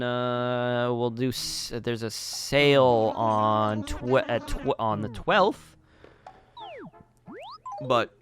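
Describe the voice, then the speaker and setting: A man casually commenting on his game as he plays, rambling and chatty with lots of restarts. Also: mid-range voice. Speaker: gaming YouTuber.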